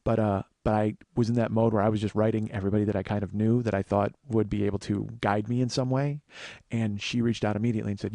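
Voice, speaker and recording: A man's voice: fairly low pitch, fairly even intonation, gravelly, warm tone, no room sound. A man in his forties hosting a podcast, telling a long profane story in a monologue. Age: 40s. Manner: profane, fast-building storyteller. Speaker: podcast host.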